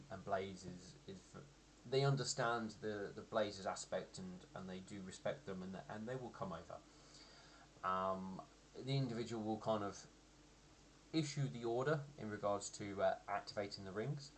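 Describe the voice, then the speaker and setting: A man with a somewhat low voice narrates a tabletop game as its game master. He talks haltingly, with many ums and restarts. Faint noise hums under the recording.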